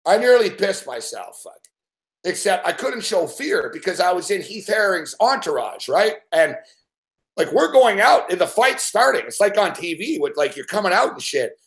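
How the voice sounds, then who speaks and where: A man's voice: high voice, sing-song, moderate pace, vocal fry, a bit bright. A man telling a rambling story in casual chat, swearing constantly and acting out growls and laughs. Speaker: show regular telling a story.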